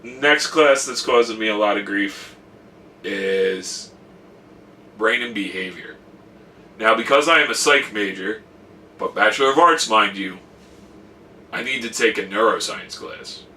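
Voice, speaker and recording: A man's voice: lowish voice, unhurried, pauses often, sharp tone, far from the mic, a little hiss or hum. A young man chatting casually about his college semester, telling stories with lots of quoted asides. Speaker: college student vlogger. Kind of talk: casual vlog chat.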